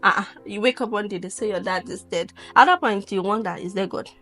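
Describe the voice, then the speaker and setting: A woman's voice: medium pitch, fairly quick, a bit bright, soft background music. A woman host with a Nigerian accent, telling personal stories in casual chat and acting out what people said. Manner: earnest storytelling with acted-out quotes.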